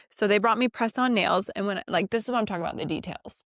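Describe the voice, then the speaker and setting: A woman podcast host telling a personal story in a casual, animated and profane way, acting out the quotes, on a close mic. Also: mid-range voice, fast, dry recording.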